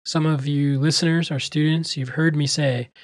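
A man with a fairly high voice reflects earnestly on a podcast, sharing personal thoughts in a measured way. The recording is dry and close. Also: steady tone, no room sound. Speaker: podcast co-host and teacher.

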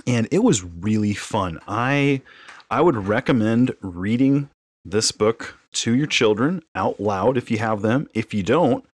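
Chatty low-voiced man, dry sound. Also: measured pace, no room sound. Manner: chatty, animated storyteller. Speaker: podcast co-host. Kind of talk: casual chat.

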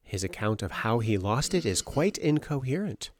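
A man's voice: mid-range voice, normal speed. A man casually retelling and discussing a novel with friends, rambling with fillers. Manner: rambling, animated summarizing with filler words. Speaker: book club member.

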